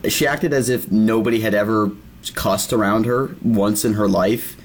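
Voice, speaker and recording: Quick, animated sports radio co-host. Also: male voice, lowish voice. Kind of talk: casual sports talk.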